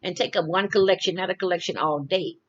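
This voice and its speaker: A woman's voice: on the low side, fast talker. An older woman casually telling a personal story. She rambles, restarts often and repeats her phrases. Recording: dull lo-fi recording.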